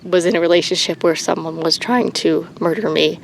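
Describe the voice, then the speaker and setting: Low-voiced woman, halting candid vlog. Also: gravelly, a little hiss or hum. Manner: halting, many ums and restarts, nervous laughs. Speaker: animal sanctuary vlogger. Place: outdoors on a rural animal farm.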